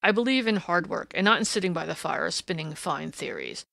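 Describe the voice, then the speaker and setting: A woman's voice: lowish voice, lively intonation, brisk, vocal fry, pushed and bright, no room sound, full character voice. A woman reading the part of a stubborn, blustering male police inspector, bitter and pushy, in an audiobook. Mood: huffy.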